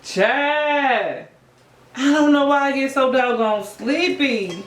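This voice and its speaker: Sassy woman, bright echoey voice. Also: high-pitched, slow pace, a little hiss or hum. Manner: sassy, animated, gossipy storytelling. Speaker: mukbang vlogger. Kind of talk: casual chat to viewers while eating. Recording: echoey room.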